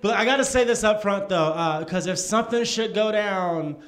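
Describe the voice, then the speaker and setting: A man doing a stand-up set in a comedy club, with a dry, measured self-deprecating delivery. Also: high voice, a bit bright.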